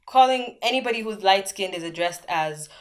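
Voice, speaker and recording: A young woman from Zambia talking straight to her camera in a relaxed question-and-answer vlog. Her pitch sits in a middling range, and she tells her stories in a loose, chatty way, filling the gaps with "like". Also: normal speed. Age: young adult. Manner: chatty storytelling, many "like" fillers. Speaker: vlogger. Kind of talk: casual Q&A vlog.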